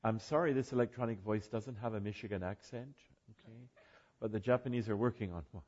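A man's voice: on the low side, a little fast, darkish tone, lo-fi sound. An older man giving an informal talk to a group, rambling with asides and self-corrections. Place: room with an audience.

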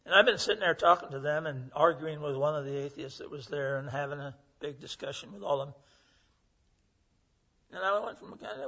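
In a muffled lo-fi recording, an elderly man in his 80s delivers a storytelling sermon that's folksy and earnest. He speaks fairly quickly in a fairly high, sharp-toned voice, putting on voices for the people he quotes.

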